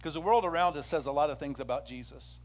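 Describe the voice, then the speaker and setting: Male pastor, sermon delivery, a bit high-pitched, acts out the quotes with energy. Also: fast. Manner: animated storytelling, acts out quoted speech.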